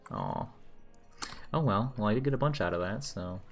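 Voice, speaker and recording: Low-voiced, swearing gamer guy. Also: wildly swooping pitch, moderate pace, gravelly, faint music behind. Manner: muttering, profane, sarcastic. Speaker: game streamer. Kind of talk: casual gameplay commentary.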